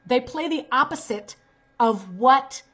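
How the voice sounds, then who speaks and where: A woman's voice: high-pitched, animated, slow pace, a bit bright, slightly rough. A woman talent manager giving direct, emphatic advice to actors and acting out short examples as she goes. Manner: direct, talks straight to viewer.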